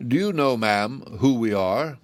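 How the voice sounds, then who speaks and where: A man's voice: mid-range voice, expressive, unhurried, dry recording, voice pushed up, close to an everyday voice. A man doing a polite, wary scarecrow. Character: earnest straw-stuffed scarecrow man.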